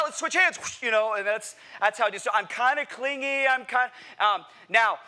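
A man preaching a sermon to a church congregation, animated and playful, asking the crowd questions and acting out what people say. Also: high voice. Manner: animated, playful, acts out quotes; addresses congregation directly with questions. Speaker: pastor. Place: church sanctuary.

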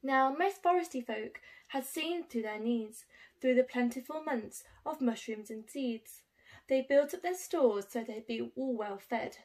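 A woman teacher reads a rhyming picture book aloud to small children. She has a high voice and a slow, unhurried pace, and she delivers the verse in an expressive, sing-song way.

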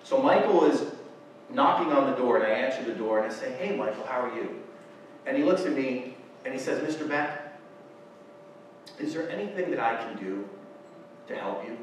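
A man's voice: mid-range voice, animated, normal speed, long pauses, slight background noise. A man giving a personal storytelling talk from a stage, speaking in a heartfelt, emotional way and sometimes stumbling over his words. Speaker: keynote speaker. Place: lecture hall or stage. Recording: roomy hall from far off.

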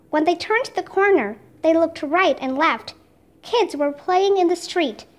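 High-voiced woman reading a children's book. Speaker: reader. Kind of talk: children's audiobook narration.

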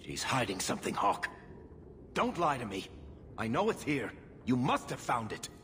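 An actor voicing a wry, confident male dwarf companion in a video game, lively and pressing. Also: mid-range voice, moderate pace, long reverb tail, a little hiss or hum. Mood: accusing.

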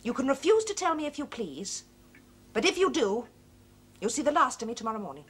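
A self-possessed young woman, fresh from college, in a period film drama. Her voice sits high and moves lively, yet every word comes out crisp and controlled. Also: fairly quick, heavily acted. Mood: cold. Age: young adult. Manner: crisp, cool and precise. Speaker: daughter.

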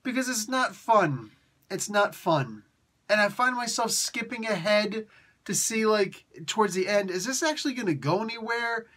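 A woman's voice: medium pitch, animated, moderate pace, fairly bright tone. A woman from Italy giving a casual, exasperated comic book review. She repeats herself and keeps tacking "man" onto her sentences.

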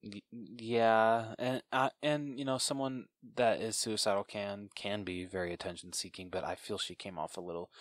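A man's voice: lowish voice, fairly bright tone, dry recording. A young man co-hosting a podcast, chatting casually and mostly agreeing with short replies. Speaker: podcast co-host. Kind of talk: casual film review chat.

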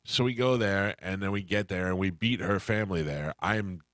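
Deep-voiced middle-aged male radio host. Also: moderate pace, fairly bright tone, no room sound. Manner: rambling anecdotes, acts out quoted voices. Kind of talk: casual storytelling chat.

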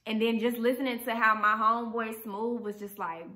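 Profane, animated storytelling woman. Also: on the high side, moderate pace. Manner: animated, profane, addresses viewers directly. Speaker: vlogger. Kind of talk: storytime vlog.

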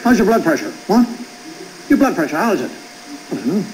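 A man in his fifties delivers a wry stand-up monologue, his fairly high voice leaping up and down as he acts out both sides of each exchange. The sound comes from an old television broadcast with a clear layer of noise underneath. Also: big pitch swings, a little fast, a little mellow, low-quality recording. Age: 50s. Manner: wry storytelling, acting out both sides of dialogues. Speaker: stand-up comedian.

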